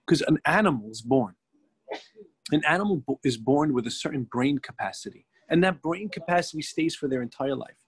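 Teaching a religious class, a middle-aged rabbi tells a story with gusto, acting out the people in it. His voice is a little high, a little fast, and husky.

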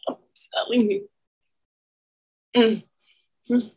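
A woman preacher giving an emotional spiritual testimony, moaning and sighing between phrases and pausing to collect herself. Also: mid-range voice, steady tone, warm tone, husky, low-quality recording.

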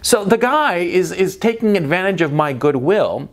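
A middle-aged man recounts a story in a loose, profane monologue, sounding exasperated throughout. His pitch swings widely, rising high and dropping low, and he keeps checking in with the listener with "right?" while restarting his sentences. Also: lively intonation, normal speed. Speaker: commentator telling a personal story.

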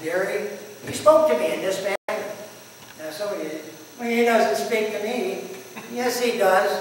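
High-voiced man in his eighties preaching. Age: 80s. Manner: folksy storytelling testimony, chuckling at himself. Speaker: pastor. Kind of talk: sermon. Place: church sanctuary. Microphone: distant room mic. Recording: echoey hall from far off, faint hiss.

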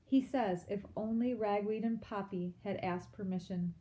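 A woman's voice: medium pitch, moderate pace, mellow, close to an everyday voice. A woman voicing a worried mother mouse in a storybook, who speaks in a fretful, anxious manner.

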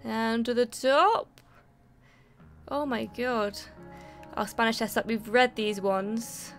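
In this let's play, a young gaming YouTuber talks as she plays, reacting and reading on-screen text out loud. She speaks slowly with fairly even intonation, her voice slightly high. Gentle music sits underneath.

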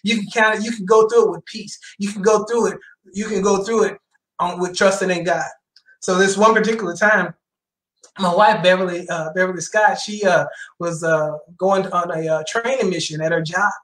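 In a church sanctuary with a roomy echo, a middle-aged church elder preaches a sermon and shares his own testimony, repeating phrases for emphasis. His high-pitched voice holds a steady tone, fairly bright, at a normal speed.

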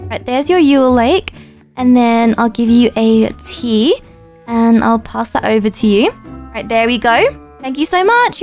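A young woman, a YouTuber chatting excitedly through a roleplay game, with gasps and playful asides. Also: sits high. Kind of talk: roleplay gameplay commentary.

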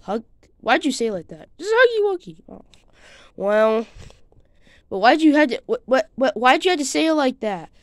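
A high, very lively female voice narrating a toy adventure for her channel. She is excitable and swings her pitch up and down, arguing back and forth as if with a friend. The talk is loose, playful and unscripted. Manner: excitable, bickering with itself, quick changes of voice. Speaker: channel host.

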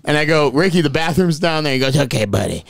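A man's voice: on the high side, quick pace, smooth, dry recording. A man co-hosting a casual podcast, telling bar stories with lots of swearing and laughter. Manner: animated storytelling, swears and laughs often. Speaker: podcast co-host, bartender.

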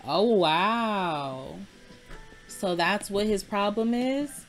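A young woman giving casual, profane commentary over her life-sim game, chatty and frank, and loud and heated when she rants. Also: mid-range voice, expressive, unhurried, soft background music. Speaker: Sims let's play creator. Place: home room.

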